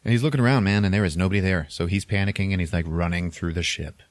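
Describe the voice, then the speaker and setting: A man co-hosting a podcast, casually retelling a movie plot with animated acted-out quotes and laughter. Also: sits low, quick pace, dry recording. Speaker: podcast co-host. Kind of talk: casual movie recap chat.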